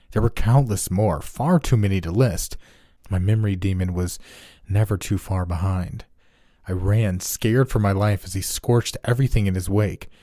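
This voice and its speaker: A man narrating a first-person horror story in a steady, measured way. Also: lowish voice, no room sound, clean studio sound.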